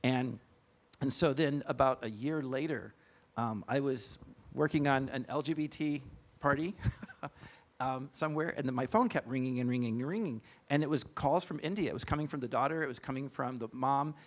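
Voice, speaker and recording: A middle-aged man, a guest speaker at a church event, telling a personal story in an earnest, halting way with fillers and restarts. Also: medium pitch.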